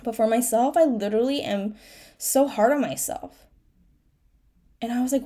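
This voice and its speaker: A woman's voice: a little high, moderate pace, long pauses, mellow. A young woman hosting a solo podcast, talking candidly and emotionally about her struggles, encouraging herself and her listeners, often tearful. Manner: candid, self-encouraging, with frequent fillers and restarts. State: tearful at times. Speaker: podcast host.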